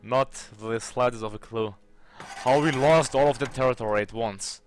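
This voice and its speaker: A man's voice: medium pitch, moderate pace, soft background music. A young man commenting on his strategy game as he plays, thinking aloud and swearing when the game bugs out. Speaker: let's play host.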